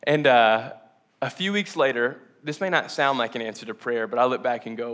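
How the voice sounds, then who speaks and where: Bright-voiced young pastor choking up. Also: male voice, mid-range voice, normal speed. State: choked up, near tears. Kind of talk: sermon. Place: church hall with congregation.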